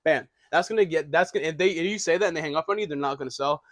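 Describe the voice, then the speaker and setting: A man's voice: a little high, racing, fairly bright tone, no room sound. A young man teaching real estate wholesaling in a casual, rambling way, with frequent restarts and casual swearing. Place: small room, writing on a board.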